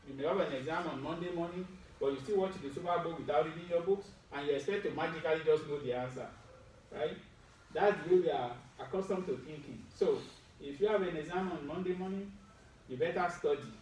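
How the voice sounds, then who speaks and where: A man's voice: fairly high pitch, darkish tone, a little hiss or hum. A man giving a Friday sermon, teaching with medical detail, putting questions to his listeners and adding wry asides. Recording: roomy echo, distant mic, faint ambience.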